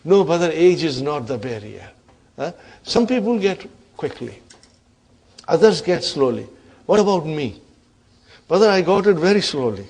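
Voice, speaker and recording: A man teaching an online Arabic grammar class, encouraging his students and often checking in with a quick "huh?". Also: fairly high pitch, big pitch swings, darkish tone, husky. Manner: addresses students as brothers and sisters.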